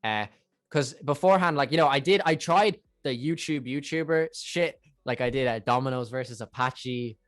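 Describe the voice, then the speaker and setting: Lively Irish young man telling stories. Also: mid-range voice, moderate pace, dry recording. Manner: animated, rambling, acts out quotes. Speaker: podcast guest, musician. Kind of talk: casual storytelling chat.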